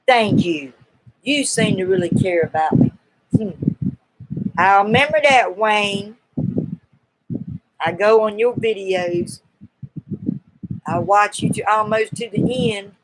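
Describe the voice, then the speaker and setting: A woman's voice: medium pitch, takes it slowly, pauses often, slight background noise, rough recording. A woman with a Southern US accent hosting a casual live-stream Q&A, chatty, folksy and teasingly coaxing her viewers.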